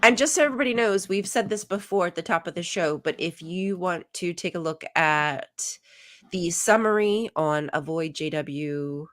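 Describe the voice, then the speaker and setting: Low-voiced woman, chatty podcast co-host. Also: moderate pace. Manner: chatty, frequent "like" and "um" fillers. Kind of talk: casual podcast chat.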